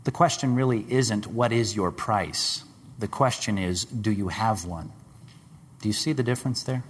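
A man preaching a sermon, dramatic, rising to loud high questions and dropping to hushed low tones. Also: moderate pace, slight background noise. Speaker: pastor. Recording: long hall reverb.

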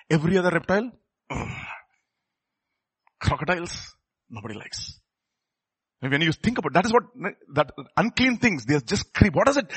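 A man preaching a sermon, firing rhetorical questions at the congregation and swinging from quiet asides to loud, emphatic peaks. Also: fairly high pitch, breathy edge, no room sound.

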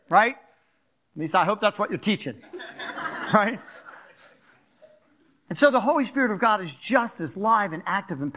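Fast, animated older pastor from Philadelphia. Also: male voice, high voice. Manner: animated, fast-talking, asks the crowd "right?". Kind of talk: sermon.

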